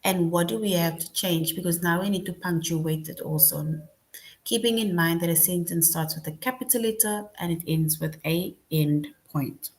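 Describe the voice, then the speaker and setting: A woman teacher, giving a slow, patient grade-school lesson and often checking in with her class. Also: lowish voice.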